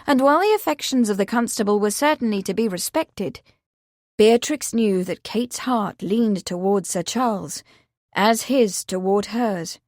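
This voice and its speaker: A woman narrates a scripted audiobook, her medium-pitched voice keeping an even, measured storytelling rhythm, captured as clean studio audio with no room sound.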